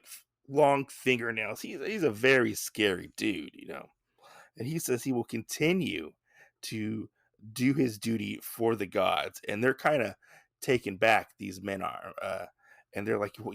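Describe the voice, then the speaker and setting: A man's voice: mid-range voice, creaky, dry recording, studio quality. A man hosting a podcast, recapping a comic in a rambling, casual way with lots of asides. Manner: rambling, with many fillers and asides. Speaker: podcast host.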